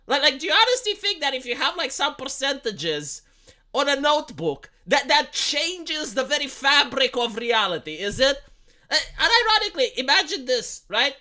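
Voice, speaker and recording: A man ranting on a live stream in a bright, sharp voice that swings widely in pitch. He swears freely and stumbles over repeated words. He keeps throwing rhetorical questions at his audience. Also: sing-song, normal speed. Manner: profane, heated, stammers and repeats words; argumentative, asks rhetorical questions. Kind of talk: casual political rant on a live stream.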